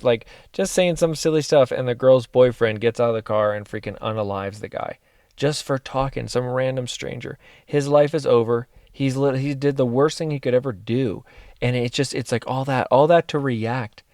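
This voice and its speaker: A man's voice: medium pitch, a little mellow, clean tone, no room sound, clean studio sound. Guy giving a pep talk straight to you, keeps repeating his point, no room sound at all. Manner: direct, earnest, repeats phrases for emphasis. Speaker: life coach and mentor. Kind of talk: motivational monologue to camera.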